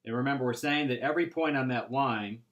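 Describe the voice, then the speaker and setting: A man teaching an algebra class, explaining step by step in a patient way with frequent pauses and "right?" checks. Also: mid-range voice, a bit bright, dull audio. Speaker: math instructor. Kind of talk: recorded classroom lecture.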